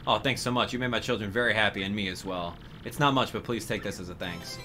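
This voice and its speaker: A man's voice: fairly low pitch, fast, pushed and bright, soft background music, voice pushed down. A man reading the lines of a worried village mother from a video game in his own plain voice. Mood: pleading.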